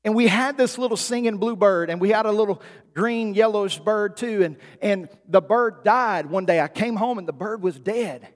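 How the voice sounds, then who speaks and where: A male pastor with a notably high voice delivers a sermon, moving from relaxed storytelling to emphatic, rising declarations. His voice rings through a church sanctuary with a long, hanging reverb. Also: moderate pace. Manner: storytelling, builds to emphatic peaks.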